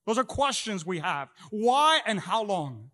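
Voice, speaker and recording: High-voiced pastor preaching in echoey hall. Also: male voice, very animated, bright, forceful tone. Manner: halting with many repeated words. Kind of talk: sermon. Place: church hall. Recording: long echo of a large hall.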